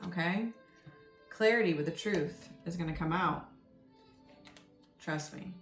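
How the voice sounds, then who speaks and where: Low-voiced woman giving a chatty tarot reading. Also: measured pace, a bit bright. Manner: chatty and rambling, many ums and you-knows. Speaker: tarot reader. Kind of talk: casual spoken tarot reading. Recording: roomy echo with faint music underneath. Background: faint background music.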